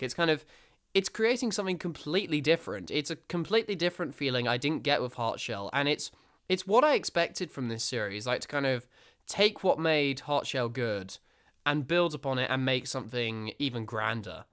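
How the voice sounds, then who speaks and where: A man rambling excitedly through his reaction commentary, often restarting his sentences. His voice is fairly high and very clear. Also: moderate pace. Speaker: reaction video host.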